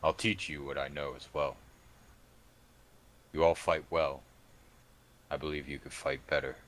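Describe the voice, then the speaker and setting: A man playing his character in a tabletop game, calm, measured and commanding. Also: very deep voice. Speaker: player. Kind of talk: in-character tabletop role-play.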